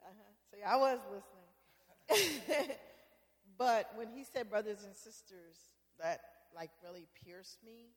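Southern woman telling an animated church testimony. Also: medium pitch. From Southern United States. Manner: animated, laughing, storytelling with quoted self-talk. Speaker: congregation member sharing testimony. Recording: echoey hall.

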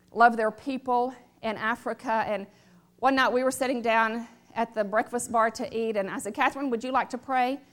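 Emphatic high-voiced woman preaching. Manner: emphatic, repetitive, calls for audience response. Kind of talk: sermon.

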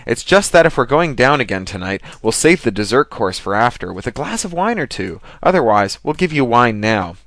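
A man's voice: mid-range voice, sing-song, brisk, few pauses, a bit bright, dry recording. A man voicing an earnest, pious male robot rowboat who speaks politely and devoutly.

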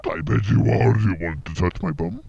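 A man's voice: lowish voice, sing-song, unhurried. A man playing a crude, mocking fake British troublemaker in a silly amateur comedy podcast, with a lo-fi sound. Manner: silly, crude, shifting voices.

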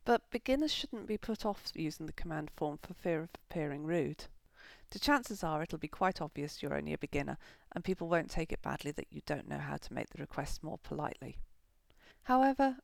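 A woman hosting a podcast, giving a scripted, measured German grammar lesson. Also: low-pitched, no echo. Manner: measured, clear explanatory delivery.

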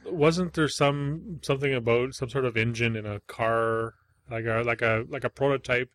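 A man co-hosting a casual movie-review chat, telling scenes with quick asides and loose swearing. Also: mid-range voice, steady tone, a bit bright, dry recording. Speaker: podcast co-host.

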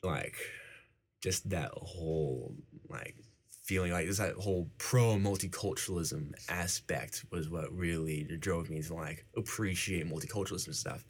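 A man's voice: deep voice, moderate pace, slightly rough. A young man, a university student, answering interview questions casually and rambling with many fillers. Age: young adult.

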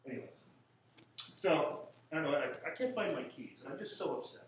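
A man's voice: on the high side, big pitch swings, a little fast, background noise. A man from Canada giving a classroom statistics lecture, rambling and joking with sarcastic asides. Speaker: statistics teacher. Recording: echoey room from a distant mic.

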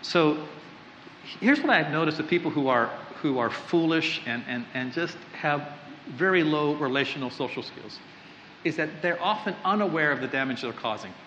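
A male pastor preaches to a live audience in a rambling, conversational way, often restarting his sentences. His voice sits a little high and rings bright and forceful. The sound is slightly dull and echoes with a long reverb, with faint room ambience behind it. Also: expressive, normal speed, a little hiss or hum. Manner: conversational, rambling, self-interrupting. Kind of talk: sermon with joking asides.

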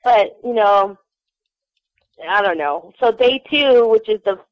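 A woman's voice: medium pitch, lively intonation, slow pace, no echo, rough recording. A young woman from Houston telling a bubbly, giggly fan story, full of fillers. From Houston, Texas. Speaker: fan recounting a trip. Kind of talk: casual chat.

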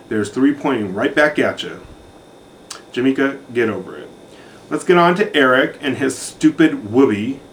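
A man dishes out a catty, campy recap of a reality show, full of sarcasm. His slightly high voice swoops up and down. A faint hiss sits under the recording. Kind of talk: sassy recap commentary.

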